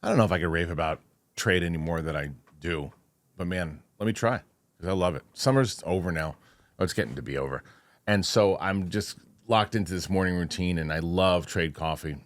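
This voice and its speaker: A man's voice: deep voice, fairly quick, no room sound. A man hosting a casual podcast, reading news items aloud and then chatting about them with his co-host.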